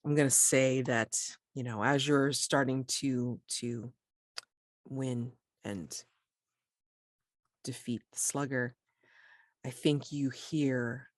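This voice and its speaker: A woman narrating a tabletop role-playing game as game master, describing scenes in a measured way. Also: a bass voice, dry recording, studio quality.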